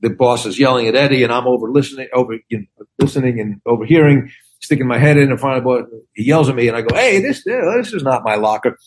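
A man in his sixties, known as a comedian and actor, chats informally and brings his stories to life by playing out the back-and-forth. The mid-range voice comes quickly, over slight background noise.

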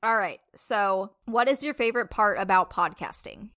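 A woman's voice: mid-range voice, normal speed, bright, forceful tone. Giggly swearing woman podcast co-host. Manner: laughing, swearing, giggly banter. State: laughing to tears. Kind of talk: casual chat.

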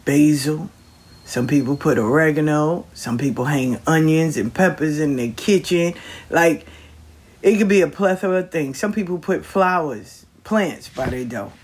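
A man's voice: on the high side, unhurried, husky. A man giving a casual, colloquial spiritual pep talk, reassuring the listener and repeating his phrases. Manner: colloquial, slangy. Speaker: motivational speaker.

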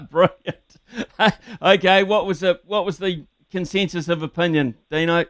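A man's voice: high-pitched, steady tone, a little slow, a bit bright, dry recording, clean studio sound. A man hosting a talkback radio show, jovial and matey with his callers. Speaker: radio host.

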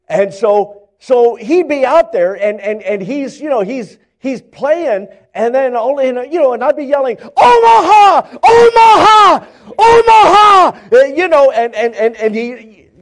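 An older male pastor preaching a sermon, telling stories in animated fashion and acting out the characters, often repeating words as he builds up. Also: very high-pitched, slow. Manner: animated storytelling, acts out characters, stammers repeats.

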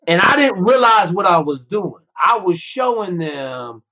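Brash, animated man telling stories. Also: sits high, unhurried. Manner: profane, brash, animated storytelling. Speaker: podcast guest, former Navy SEAL. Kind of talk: casual storytelling. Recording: dull lo-fi podcast audio.

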